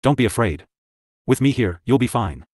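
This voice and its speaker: A man voicing a calm, protective young noblewoman in an audiobook, with a cool, assured manner. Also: mid-range voice, normal speed, no echo, natural voice. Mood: soothing.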